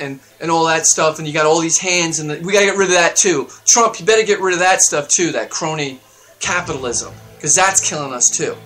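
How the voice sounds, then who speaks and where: A man hosting his own show, delivering a heated political rant that swings up into loud, high outbursts. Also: brisk, faint music behind. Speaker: show host. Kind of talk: ranting political monologue.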